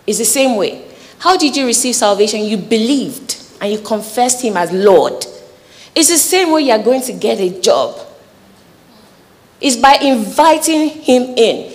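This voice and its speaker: A woman giving an earnest, conversational sermon, teaching scripture with lively acted asides. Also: a little high, unhurried, big-room sound. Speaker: preacher.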